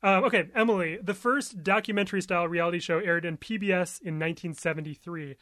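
A man hosting a casual trivia game among friends, reading multiple-choice questions and making quick asides. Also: sits high, a bit bright, no echo, studio quality. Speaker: quiz host. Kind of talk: casual podcast chat.

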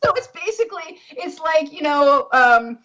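A woman co-hosting a podcast, telling a story in an excited, emotional way, full of filler words and close to tears. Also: sits high, moderate pace, very noisy. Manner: excited, gushing, heavy use of fillers like "like". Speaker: podcast co-host. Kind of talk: casual storytelling.

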